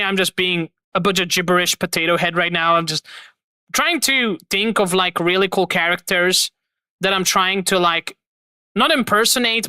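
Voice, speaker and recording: A man's voice: high voice, sharp tone, clean tone, dry recording, studio quality. A man hosting a live stream, chatting casually and enthusiastically to his viewers and rambling about voice acting and games. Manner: rambling, enthusiastic, talks to chat. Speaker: streamer host.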